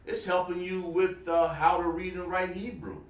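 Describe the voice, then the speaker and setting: A man's voice: high-pitched, level tone, normal speed. A man teaching a Hebrew counting class in a casual, informal way, often repeating himself and saying "man". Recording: roomy, distant mic.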